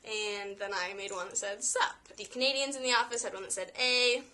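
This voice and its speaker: A woman's voice: mid-range voice, fast talker, sharp tone. A young woman vlogging casually, showing off her collection in a chatty, enthusiastic way with playful asides. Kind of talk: casual show-and-tell vlog.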